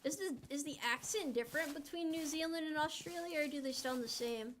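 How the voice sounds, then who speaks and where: A woman's voice: high-pitched, fairly quick, slight background noise. A woman from the United States streaming a game, chatting casually and playfully, often giggling and reading out chat messages. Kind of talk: casual live-stream chat while gaming.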